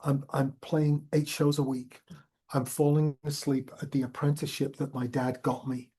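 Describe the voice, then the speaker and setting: An older man with a northern English accent, telling animated stories as an interview guest in a music museum, swearing freely and acting out quoted voices. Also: medium pitch, normal speed, slightly rough. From Northern England. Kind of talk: casual storytelling interview.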